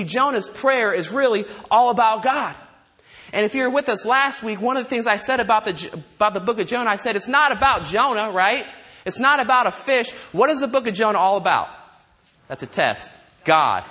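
A pastor with a high voice preaches a lively sermon, animated and full of rhetorical questions.

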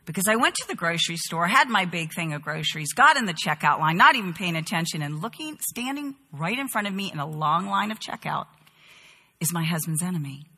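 Bright-voiced woman teaching in a hall. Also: on the low side, a little fast, slightly rough. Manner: expressive and animated, rhetorical questions. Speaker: Bible teacher. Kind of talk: sermon. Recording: hall reverb.

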